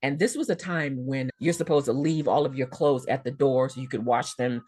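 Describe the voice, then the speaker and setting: Low-voiced woman telling a vivid story. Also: normal speed, breathy edge. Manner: vivid, expressive storytelling with repeated words. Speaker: guest storyteller. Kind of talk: personal storytelling in a podcast interview.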